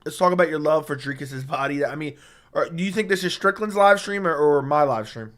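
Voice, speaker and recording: A man's voice: fairly high pitch, fairly quick, a bit bright. Guy streaming w a sore scratchy throat, swears a lot, reads chat and roasts ppl, close studio mic. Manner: blunt and profane, trash-talking with chat. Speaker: live streamer. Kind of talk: casual live-stream chat reading viewer comments. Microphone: studio dynamic microphone.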